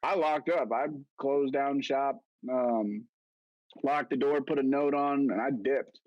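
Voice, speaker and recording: A man's voice: mid-range voice, takes it slowly, no room sound, highs cut off. A young man co-hosting a podcast, telling stories in casual chat and acting out what people said. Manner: animated, acts out quotes in a raised voice. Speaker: podcast co-host.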